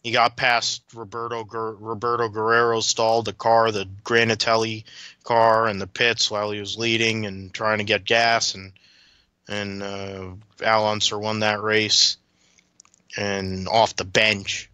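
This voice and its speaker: Podcast guest: a man with a sharp, forceful voice and a lowish pitch, talking racing history in long, rambling runs, recorded dry. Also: level tone, measured pace, smooth, no room sound. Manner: rambling, detailed motorsport recollections with restarts. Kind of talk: casual racing chat.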